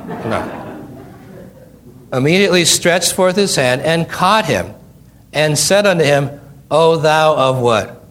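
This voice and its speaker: A man's voice: on the high side, expressive, slow, pauses often, fairly bright tone. A middle-aged man preaching a Bible study, reading scripture aloud and stopping to quiz his listeners with folksy, joking asides. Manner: reads scripture then asks the listeners questions.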